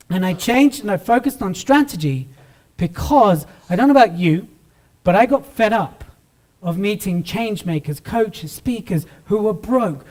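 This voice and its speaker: A British man giving a lively motivational talk on stage to a live audience, joking with the crowd. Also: high-pitched. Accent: British English. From Britain. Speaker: keynote speaker.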